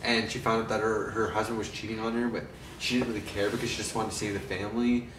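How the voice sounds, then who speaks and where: A man's voice: on the low side, level tone, fast, noisy background. Tipsy man chatting, far from an echoey mic. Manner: chatty, profane, giggly. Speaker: movie reviewer. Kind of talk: casual drunken movie review chat.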